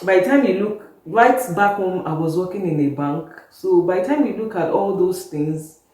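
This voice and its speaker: A woman in her thirties, a guest telling stories in casual interview chat, animated and laughing often. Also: fairly low pitch, normal speed. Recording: very echoey room, distant mic.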